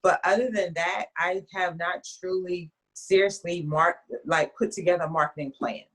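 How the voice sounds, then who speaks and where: A woman with a fairly low-pitched voice, talking as an author in a casual interview. She tells her stories in a chatty, animated way and often starts sentences over. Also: moderate pace. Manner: chatty, animated storyteller with frequent restarts and laughs.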